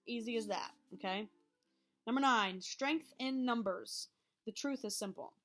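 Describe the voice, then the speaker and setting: A woman's voice: a little high, a little slow, fairly bright tone, soft background music. A woman teacher reading over a health lesson and explaining it to her students in a chatty way, checking in often with "okay?". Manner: chatty, checks in with frequent okays.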